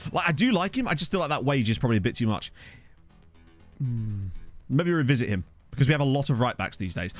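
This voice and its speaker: A man chatting casually on a live game stream, self-mocking and laughing often, with hiccups. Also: medium pitch. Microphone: desk USB microphone.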